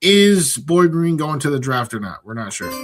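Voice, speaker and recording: A man's voice: on the high side, sing-song, moderate pace. A man in his thirties co-hosting a casual sports talk show, easygoing and upbeat. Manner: easygoing, upbeat, many fillers. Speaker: podcast co-host.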